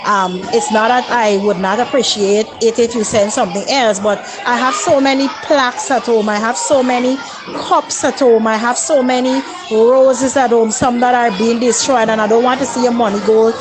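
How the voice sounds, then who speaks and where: A woman's voice: a little high, fairly even intonation, moderate pace, rough recording. Hinting woman teacher with a voice note. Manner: sweet, hinting, hesitant with many ums. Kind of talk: recorded voice message to parents.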